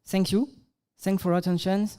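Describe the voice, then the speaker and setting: A man's voice: sits high, level tone, moderate pace, warm tone, clear, resonant tone. French-accented man giving a tech talk. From France. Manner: hesitant, apologetic, many fillers. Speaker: conference speaker. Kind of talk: tech conference talk with live demo. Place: conference hall stage.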